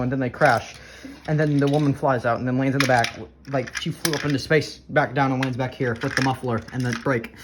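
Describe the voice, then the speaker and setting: A speaker of middle pitch rambles excitably through a chaotic video, tripping over words and restarting often. The recording carries a clear layer of background noise under the voice. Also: fairly quick. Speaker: commentator narrating a video. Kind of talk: casual rambling commentary. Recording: noisy home recording.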